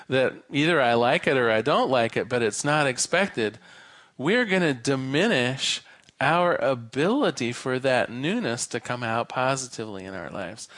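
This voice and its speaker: A man minister giving a sermon, an animated storyteller who shifts between quick and slow delivery. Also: mid-range voice, no echo. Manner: animated storyteller, varies his pace.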